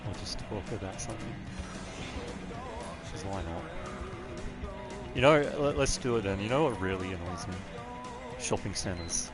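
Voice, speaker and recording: A man's voice: low voice, expressive, a little slow, pauses often, music in the background. A man with an Australian accent, chatting casually and rambling into rants while livestreaming a game. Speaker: gaming livestreamer. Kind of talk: casual gameplay commentary.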